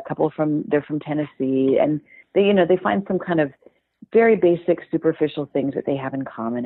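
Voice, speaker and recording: Low-voiced woman telling a story over a tinny line. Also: no room sound. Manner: lively storyteller with fillers and restarts. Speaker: podcast co-host. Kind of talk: storytelling conversation. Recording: thin phone-like audio.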